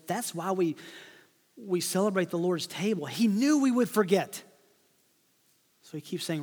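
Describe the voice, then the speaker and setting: A man preaching an expository sermon as pastor, swinging between loud rhetorical questions and hushed asides. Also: on the high side, expressive, measured pace, pauses often, in a large hall.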